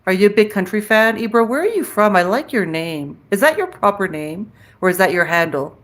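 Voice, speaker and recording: A woman's voice: mid-range voice, expressive, a little fast, a bit bright. A woman hosting a casual livestream, chatting frankly with viewers and answering their comments aloud, with the odd curse word. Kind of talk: casual live-chat talk.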